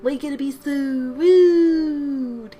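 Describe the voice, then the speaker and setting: A slow, loud, drawn-out woman doing a female version of a famous singer, half-singing with a nasal-free mock drawl. The voice sits higher than her usual talk, and music plays clearly behind her.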